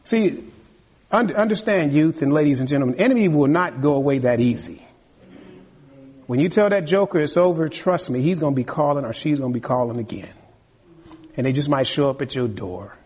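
A man preaching a sermon with a husky voice, lively and acting out other people's voices. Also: on the high side, a little fast. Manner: animated, acts out voices of tempters and the king. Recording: long hall reverb.

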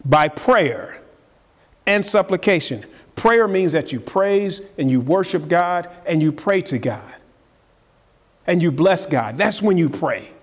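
A man preaches from the pulpit in a voice pitched a little high, talking earnestly and building toward emphatic peaks. His words ring out with a long reverb, as if filling a large church sanctuary. The delivery is a live sermon to a gathered and online congregation. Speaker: pastor.

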